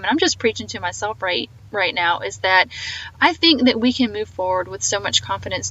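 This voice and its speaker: A woman's voice: mid-range voice, sharp tone, lo-fi sound. A woman hosting a faith podcast with a slight Southern twang, talking earnestly and rambling a little as she reflects on an interview. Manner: earnest, rambling, full of fillers. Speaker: podcast host.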